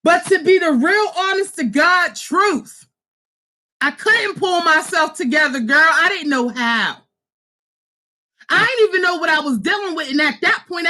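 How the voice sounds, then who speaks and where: A woman's voice: very high voice, sharp tone. A woman in her thirties, a social worker, talking about her own trauma in a raw, emphatic, profane way. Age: 30s. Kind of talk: impassioned personal talk.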